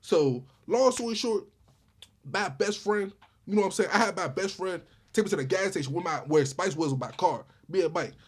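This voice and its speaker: A man telling a true story in a casual storytime vlog, animated, with lots of repeated starts like "I said, I said". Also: sits high, fairly quick, husky. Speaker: storyteller vlogger.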